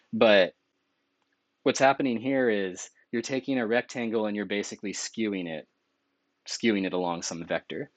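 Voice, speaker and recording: A man with a low voice walks through a math lecture in an easygoing, conversational way, sometimes stopping to correct himself. The sound is dry and close, with no room echo. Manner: relaxed and conversational, with small self-corrections.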